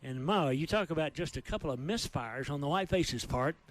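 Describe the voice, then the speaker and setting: Texan guy calling high school football, kinda high voice, fast excited play calls. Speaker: play-by-play announcer.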